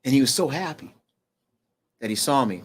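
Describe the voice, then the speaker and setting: A middle-aged man, a guest on an interview show, telling a personal story in a halting way with restarts and fillers, going quieter at the heavy parts. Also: mid-range voice, expressive, slightly rough.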